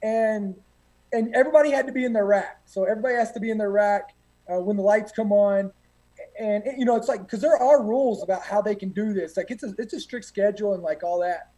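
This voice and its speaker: A man's voice: high voice, a little fast, mellow, rough recording. A man, a guest telling boot camp stories in a rambling, profane way with many fillers. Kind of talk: casual storytelling.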